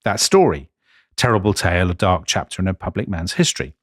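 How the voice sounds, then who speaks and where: A man co-hosting a history podcast in a lowish voice. He tells the story with lively, emphatic swings of pitch on key points. The sound is dry and close. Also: brisk, dry recording. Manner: animated, emphatic, jumps in pitch for stress. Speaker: podcast co-host.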